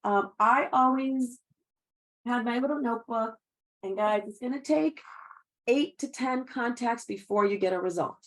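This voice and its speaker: A woman's voice: a little high, moderate pace. Upbeat chatty woman sales coach. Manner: upbeat, chatty, laughs often, acts out sample calls. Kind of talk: sales training talk.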